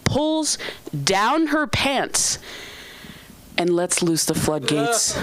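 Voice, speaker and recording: A young woman comedian telling an animated stand-up story into a handheld mic on a comedy club stage, laughing often. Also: mid-range voice, extremely slow, noisy background.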